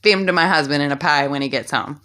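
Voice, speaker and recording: A woman's voice: low voice, quick pace, sharp tone, voice pushed down. A woman voicing a jealous, vengeful queen who gives orders in a sassy, commanding way. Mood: bossy.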